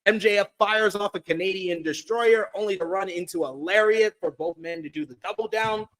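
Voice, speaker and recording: Podcast wrestling reviewer, male, young adult, high voice, brisk play-by-play recap. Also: low-quality recording. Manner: fast play-by-play recap with excited asides. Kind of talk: casual recap of a wrestling show.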